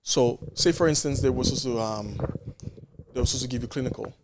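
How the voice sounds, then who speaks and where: A man's voice: mid-range voice, fast talker, noisy background. A man from Canada, a nurse and podcast guest, telling a story in casual chat and acting out quoted exchanges with frequent restarts.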